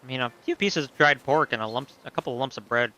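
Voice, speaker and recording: A man casually commenting on a game he plays, lively and joking, with some swearing. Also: medium pitch, quick pace. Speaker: let's play host.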